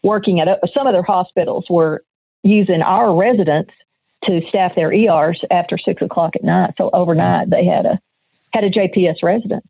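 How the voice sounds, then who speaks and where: A woman's voice: lowish voice, a little fast, gravelly, breathy edge, no echo. Older woman on a tinny phone line. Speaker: guest, retired nurse. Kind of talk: conversational interview.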